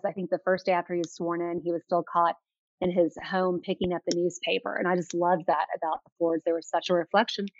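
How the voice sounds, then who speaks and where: A woman's voice: on the low side, no echo. A woman guest in an interview telling enthusiastic stories with frequent fillers. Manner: enthusiastic, anecdotal, many fillers. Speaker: author guest. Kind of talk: interview storytelling. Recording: dull lo-fi sound.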